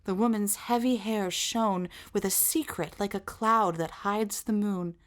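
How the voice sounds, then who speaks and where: A woman reading a fantasy novel aloud in an expressive, measured way. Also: mid-range voice. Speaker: reader.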